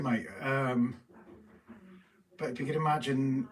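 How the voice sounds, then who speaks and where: A man's voice: medium pitch, lively intonation, normal speed. A British man chatting casually on a live stream, reading viewer comments and bantering in a teasing way. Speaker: livestream co-host. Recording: voice from a distance, faint noise.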